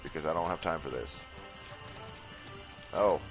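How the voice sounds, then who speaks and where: A deep-voiced let's-play gamer gives casual, expressive commentary a little fast, joking, swearing and mocking himself as he plays. Faint music sits behind the rough recording.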